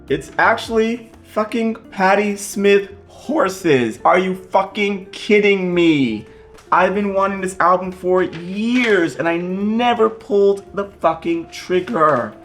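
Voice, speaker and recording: Man, casual record-unboxing vlog, excitable, swears a lot, unhurried pace, fairly high voice. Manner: excitable and gushing, swears often. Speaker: host unboxing vinyl records.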